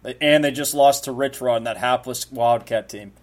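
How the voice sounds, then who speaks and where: A man's voice: medium pitch, moderate pace. A man co-hosting a casual sports picks chat. He gives blunt, wry one-liners. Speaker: co-host.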